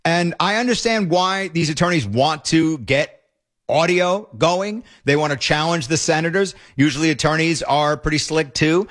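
A man hosting casual political commentary, emphatic and excited as he reacts to clips. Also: a little high, moderate pace. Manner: emphatic, excited, fond remarks.

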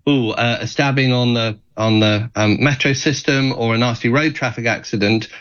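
A man speaking as a guest on a radio talk show, in a measured way with frequent fillers. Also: mid-range voice, steady tone, fairly bright tone, muffled recording.

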